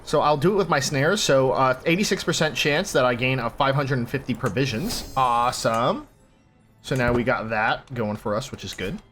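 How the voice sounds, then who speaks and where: Chatty gamer narrating role-play. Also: male voice, mid-range voice, moderate pace, fairly bright tone, faint music behind. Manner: chatty, enthusiastic, reads game text aloud. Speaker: gaming channel host. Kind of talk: role-play game commentary.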